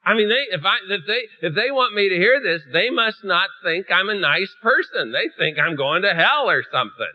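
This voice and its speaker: A man's voice: high-pitched, normal speed, few pauses, no echo, highs cut off. A man preaching with humor, telling a story and acting out the voices of its people. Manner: animated, acts out voices, shifts from hushed to loud.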